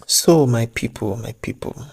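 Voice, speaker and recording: A man talks straight to his viewers in a relaxed advice vlog. His voice is mellow and warm, mid-pitched, and he keeps breaking into joking asides and laughing at himself. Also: a little slow, creaky, slightly rough, faint music behind. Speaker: vlogger.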